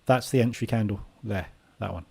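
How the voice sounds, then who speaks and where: A man's voice: fairly low pitch, a little fast, creaky, noisy background. A man hosting a live trading room, giving casual market commentary and thinking aloud as he watches the charts.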